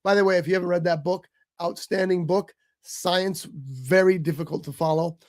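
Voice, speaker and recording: A man's voice: high voice, steady tone, moderate pace. A man co-hosting a casual movie chat on a live stream, chatty and given to exasperated teasing. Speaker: co-host. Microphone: streaming mic.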